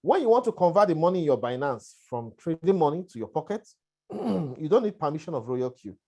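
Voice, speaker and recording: A man's voice: fairly high pitch, sing-song, brisk, mellow. A man with a lingering cough gives a conversational webinar presentation. He keeps checking in with listeners. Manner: conversational, repetitive, checks in with "all right" and "right". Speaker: presenter on a conference call.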